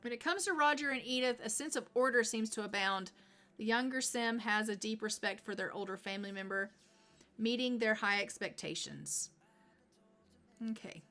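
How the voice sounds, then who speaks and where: Bright-voiced, sarcastic woman streamer. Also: fairly high pitch, normal speed. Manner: chatty, sarcastic. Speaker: game streamer. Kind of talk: casual gameplay commentary.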